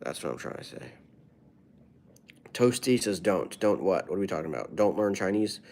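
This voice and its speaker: Low-voiced, playful male comedian. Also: big pitch swings, creaky, darkish tone. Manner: playful, riffs in quick rhymes. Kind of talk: casual live-stream chat with viewers.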